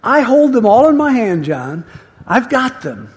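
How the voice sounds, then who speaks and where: A man's voice: extremely high pitch, big pitch swings, measured pace, voice pushed up, exaggerated voice. A man voicing Jesus as an earnest, soothing man who offers reassurance, heard in a reverberant hall. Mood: reassuring.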